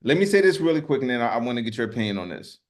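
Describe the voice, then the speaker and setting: A man's voice: medium pitch, very animated, rapid-fire. A man co-hosting a podcast, delivering heated, profane political commentary and repeating words as he gets worked up. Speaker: podcast co-host.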